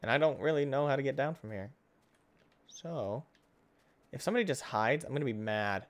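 Excitable man narrating his gameplay. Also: mid-range voice, moderate pace. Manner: excitable, jumps between loud outbursts and hushed muttering. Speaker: gaming channel host. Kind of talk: casual let's-play commentary.

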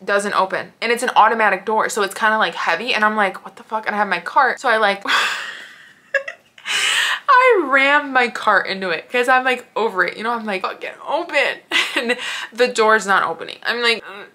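A woman's voice: mid-range voice, animated, a little fast, bright, forceful tone. A woman vlogger in pain, telling a casual, profane story in a chatty way with frequent tag questions.

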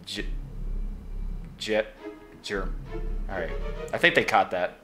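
A young man hosting a let's play, joking crudely and reacting excitably while he plays. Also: medium pitch. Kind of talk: casual gameplay commentary.

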